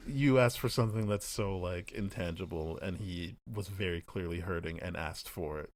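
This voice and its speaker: A young man co-hosting a podcast, talking casually and animatedly, often acting out what characters said. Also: deep voice. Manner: animated, acts out characters' lines in quick paraphrase. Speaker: podcast co-host. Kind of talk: casual chat.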